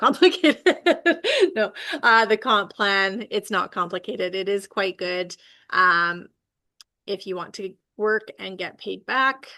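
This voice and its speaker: Friendly woman host pitching on a video call; easygoing, gravelly undertone, loose and chatty. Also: fairly bright tone. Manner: chatty, laughs often, trips over words. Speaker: host of a business opportunity call.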